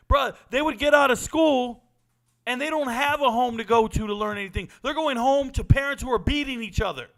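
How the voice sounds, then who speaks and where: A man's voice: very high-pitched, fairly quick, a bit bright. A man, giving a blunt, profane monologue as a sports talk host. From Southern California. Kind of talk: impassioned monologue.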